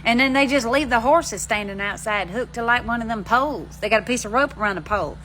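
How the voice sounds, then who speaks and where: Bright-voiced Southern woman rambling. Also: on the high side, fast talker, a little hiss or hum, rough recording. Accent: Alabama Southern. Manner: rambling, folksy, country slang. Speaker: vlogger. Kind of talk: casual chat to camera. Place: outdoors on front steps.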